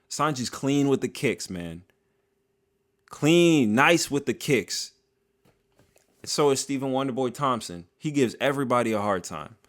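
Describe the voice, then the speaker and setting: Man, casual vlog commentary, joking, slangy asides, average pitch. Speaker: MMA video creator.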